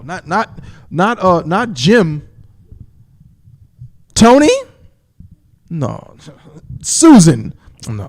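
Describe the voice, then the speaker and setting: On a live stream, a preacher from New York with a somewhat high voice gives Bible commentary, stretching out the important words and repeatedly checking "you understand?" His delivery is emphatic, and he reads the scripture passages in a slow, solemn rhythm.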